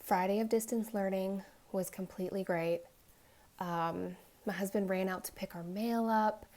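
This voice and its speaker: Young woman vlogger chatting while she crafts, animated storyteller. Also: mid-range voice, normal speed. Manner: animated, acts out quoted voices. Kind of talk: casual storytelling chat.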